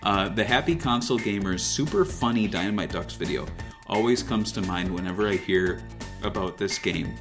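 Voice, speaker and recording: A man with a lowish voice hosts a relaxed gaming podcast, rambling and circling back on his thoughts. He reads listener notes aloud between asides. Music plays softly beneath him. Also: normal speed. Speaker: podcast host. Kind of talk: casual podcast chat.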